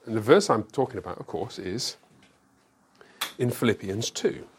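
In a whiteboard classroom, a pastor leads a school Bible lesson, speaking emphatically and throwing out rhetorical questions. His voice is on the low side and animated at a moderate pace, with slight background noise.

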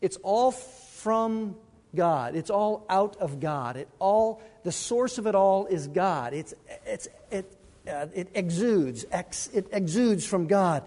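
A man preaching a sermon as pastor, animated and emphatic, with asides and brief laughs. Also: high-pitched, a little slow, long reverb tail.

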